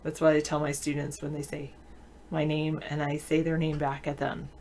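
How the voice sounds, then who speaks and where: Chatty woman host, slightly low voice, answers viewer comments out loud with easy laughs. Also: completely flat delivery, normal speed. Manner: laughs often mid-sentence. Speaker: show host. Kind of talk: casual live video-chat talk.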